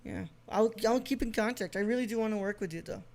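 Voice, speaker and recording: A man's voice: high voice, quick pace, gravelly. Easygoing male live-stream host. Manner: easygoing, short affirmations and laughs. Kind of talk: casual live-stream interview.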